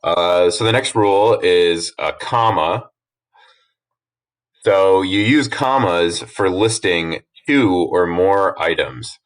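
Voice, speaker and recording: A man teacher walking students through a worksheet in a relaxed, explanatory way with frequent fillers. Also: low voice, slow. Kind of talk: recorded classroom lesson.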